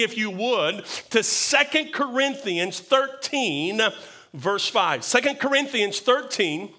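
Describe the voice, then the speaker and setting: A man's voice: high-pitched, bright, forceful tone. A man pastor delivering a sermon, earnest and repeating words for emphasis.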